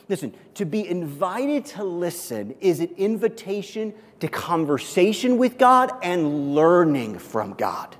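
Animated high-voiced preaching man. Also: long reverb tail. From Kansas City area. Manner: animated, conversational preaching with asides. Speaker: pastor. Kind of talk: sermon.

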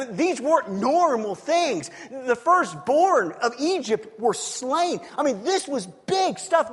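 A man preaching a sermon in a conversational, self-deprecating way, with lively asides. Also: extremely high pitch. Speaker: pastor. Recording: long reverb of a hall.

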